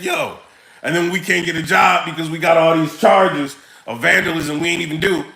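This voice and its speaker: A man ranting to his viewers in a casual, joking way, slangy and animated. His voice sits high and sounds gravelly and bright. The sound echoes around the room. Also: a little hiss or hum. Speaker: vlogger. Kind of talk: casual rant to camera.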